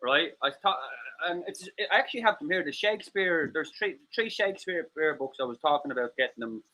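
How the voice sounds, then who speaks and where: An Irish man co-hosting a casual livestream chat, excitable, swearing and laughing often. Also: fairly high pitch, fairly quick. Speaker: co-host.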